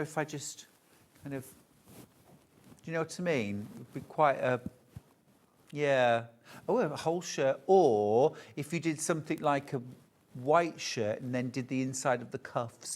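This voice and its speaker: A man's voice: medium pitch, a little slow. A man presenting fabrics on a live home shopping show, chatty and full of enthusiasm.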